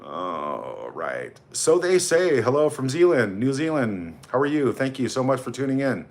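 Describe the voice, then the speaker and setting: A man's voice: medium pitch, big pitch swings, a little slow. A man hosting a casual livestream, rambling and greeting viewers by name as he reads out their comments. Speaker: livestream host.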